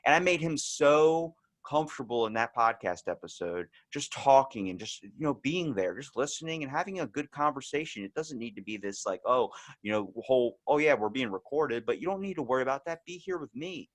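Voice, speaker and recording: A man's voice: mid-range voice, expressive, fairly quick, hardly any pauses. Rambling young man hosting a podcast. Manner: candid, rambling storytelling with lots of "like". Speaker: podcast host. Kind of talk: casual podcast chat.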